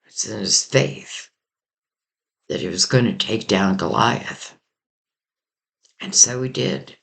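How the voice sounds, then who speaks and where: A man with a lowish, gravelly, slightly bright voice gives a casual tarot reading, speaking slowly. He rambles reflectively with plenty of fillers, and his voice is clearly giving out.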